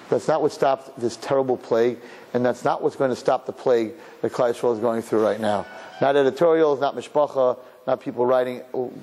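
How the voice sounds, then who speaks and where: A man's voice: mid-range voice, a little mellow, husky. A man preaching a sermon as a rabbi, impassioned, mixing in Hebrew and Yiddish words. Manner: impassioned, mimics people crying, sprinkles Hebrew and Yiddish words. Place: large hall with an audience. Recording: reverberant hall.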